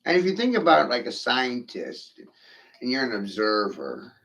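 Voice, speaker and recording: A man's voice: mid-range voice, big pitch swings, moderate pace, a bit bright. A man ranting on a livestream, profane and provocative, firing rhetorical questions at his viewers. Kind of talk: rambling livestream rant.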